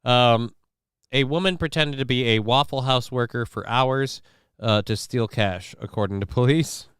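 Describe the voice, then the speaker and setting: A middle-aged man hosts a live stream in a mid-range, smooth voice that's a bit bright and measured in pace. He chats casually, reads the news, and tosses in sarcastic, rambling asides full of mock-indignant questions.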